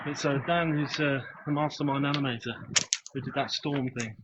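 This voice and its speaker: A man's voice: medium pitch, steady tone, normal speed, highs cut off, background noise. A man chatting casually while live-streaming from his phone on a walk outdoors. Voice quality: chatty, joking, reads out comments. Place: outdoors on a street. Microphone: phone held while walking.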